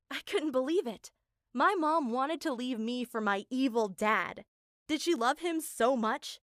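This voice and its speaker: A woman tells a first-person story in an earnest, emotional voice that sits on the high side. The recording is close and dry, with no room sound. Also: expressive, measured pace, fairly bright tone, no room sound. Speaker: narrator.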